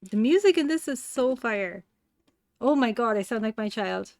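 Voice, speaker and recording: A woman's voice: fairly high pitch, animated, normal speed, gravelly, darkish tone, no room sound, clean studio sound. A woman with a Cork Irish accent, chatting casually and playfully on a live stream while she crafts, often laughing at herself. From Cork, Ireland.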